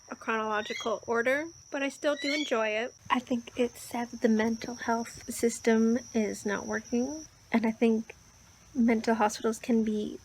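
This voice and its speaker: A woman's voice: a little high, slight background noise, rough recording. A woman vlogging casually about a book she is reading, earnest and getting worked up as she talks. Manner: earnest, gets worked up when discussing the book. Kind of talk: casual vlog talk to camera.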